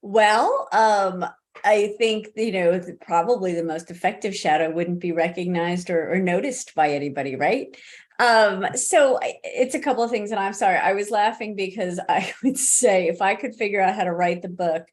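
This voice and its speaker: A middle-aged woman gives advice as a guest expert in an online interview. She talks in a loose, conversational way, full of restarts and fillers, and laughs easily. Her pitch sits in an ordinary middle range for a woman. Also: moderate pace. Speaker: college disability services expert guest. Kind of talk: webinar interview answer.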